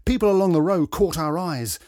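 A man reading a first-person story aloud with an expressive, varied delivery. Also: a little high, a little fast, dry recording, studio quality. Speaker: narrator.

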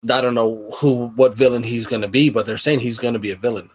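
Relaxed male podcast co-host. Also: mid-range voice, quick pace, rough recording. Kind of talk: casual chat.

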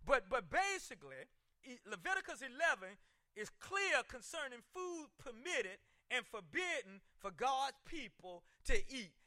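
High bright voice on a preacher guy, slow and dry, shouts the big lines. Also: very animated, dry recording. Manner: preaching with shouted emphasis and repeated words. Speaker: pastor. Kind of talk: sermon.

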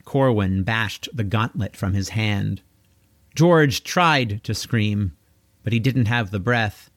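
A man narrating a children's novel, reading in an expressive storytelling manner. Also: fairly low pitch, slow, no echo, clean studio sound. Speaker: audiobook narrator. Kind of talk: audiobook reading.

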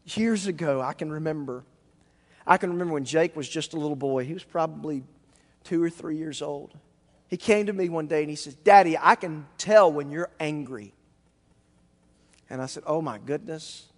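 A male pastor preaching a sermon emphatically, rising to near-shouts and then dropping low. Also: fairly quick, in a large hall.

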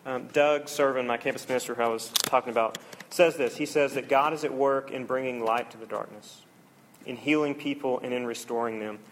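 A man's voice: medium pitch, steady tone, brisk, noisy background. A man preaching a conversational, earnest sermon to a congregation, briefly acting out the people in the story.

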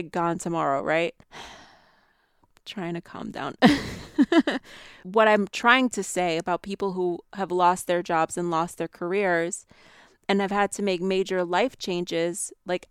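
Woman, podcast host, heated rant full of "like" and curses, smooth clear voice, close dry sound. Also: lowish voice, no echo. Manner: angry ranting, swearing, many fillers. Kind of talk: solo podcast monologue. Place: New York.

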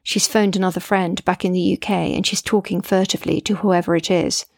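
A woman's voice: fairly low pitch, flat delivery, fairly quick, vocal fry, no echo, studio quality. A middle-aged woman, a mother, narrating her memoir in an earnest, reflective way.

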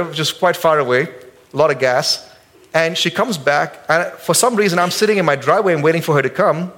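A man preaching a sermon as pastor in a church service, casual and joking with the congregation, jumping high in pitch when acting out quotes. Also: a little fast, fairly bright tone, a little hiss or hum.

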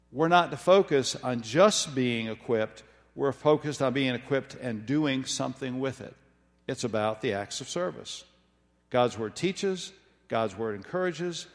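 A man delivers a sermon in a measured, emphatic way, leaning into key phrases and slowing down for scripture. His voice sits in the middle range. It carries a long reverb tail, as if recorded in a large church sanctuary. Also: medium pitch. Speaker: preacher.

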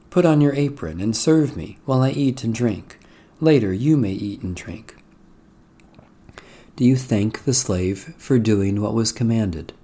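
Solemn man reading prayers, mellow voice. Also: medium pitch. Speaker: liturgical reader. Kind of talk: slow liturgical reading of prayers and scripture.

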